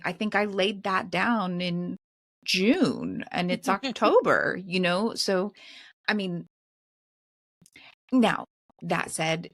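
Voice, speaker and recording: A woman's voice: fairly low pitch, no room sound, studio quality. A middle-aged woman co-hosting a casual book club podcast, thinking aloud with many restarts and fillers. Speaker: podcast co-host.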